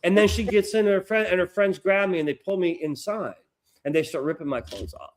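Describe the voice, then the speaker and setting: A middle-aged American man, a podcast co-host, telling a long story in a rambling, profane, animated way. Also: high-pitched, a little fast. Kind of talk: casual storytelling chat.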